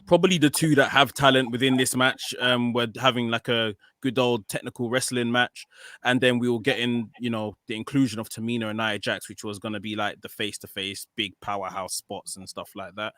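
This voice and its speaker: Podcast guy going over a match, bright voice, dry sound, lots of ums. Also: medium pitch, dry recording. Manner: recaps matches with many ums. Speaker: podcast co-host. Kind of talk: casual review chat.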